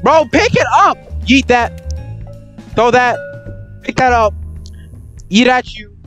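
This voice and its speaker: A man's voice: very high voice, takes it slowly, soft background music. A young man commentating a horror game playthrough, chatting in slang and yelping when startled. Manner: excitable slangy chatter, jumpy yelps. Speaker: gaming YouTuber.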